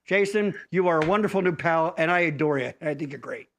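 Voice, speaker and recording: Brief: middle-aged podcast host from Pennsylvania, high voice, loose, profane, joking. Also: male voice, fast talker, creaky, a bit bright, a little hiss or hum. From Pennsylvania, USA. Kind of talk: casual chat.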